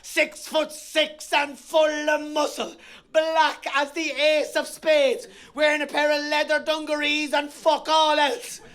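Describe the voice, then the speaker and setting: A middle-aged Irish comedian on a theatre stage, working a bawdy stand-up routine. His voice sits strikingly high for a man, and his stories run rowdy, with the punchlines bellowed out. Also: level tone, slow pace, fairly bright tone. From Ireland.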